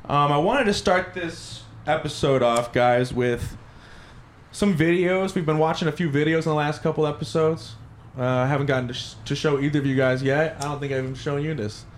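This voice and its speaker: A man hosting a podcast in casual chat, loud and excitable, swearing freely. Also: on the high side, brisk, slight background noise. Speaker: podcast host. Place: podcast studio.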